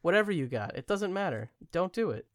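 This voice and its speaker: A man co-host in easy banter, teasing and joking, with plenty of laughs. His voice moves around a lot in pitch. It sounds close and dry. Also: very animated, fairly quick, dry recording. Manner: playful and teasing, laughs often. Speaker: podcast co-host. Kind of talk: casual chat.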